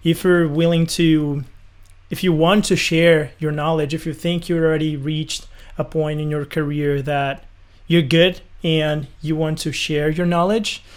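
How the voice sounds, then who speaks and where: A man co-hosting a podcast in relaxed, casual chat. He speaks a touch high and feels his way through sentences with fillers and small restarts. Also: measured pace. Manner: hesitant, many fillers and restarts, easygoing. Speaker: podcast co-host, music producer.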